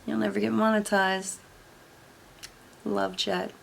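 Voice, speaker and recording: Gravelly, blunt woman commentator. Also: mid-range voice, flat delivery, takes it slowly, slight background noise. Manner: blunt, sarcastic, swears freely. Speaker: commentary YouTuber. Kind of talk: casual reaction commentary.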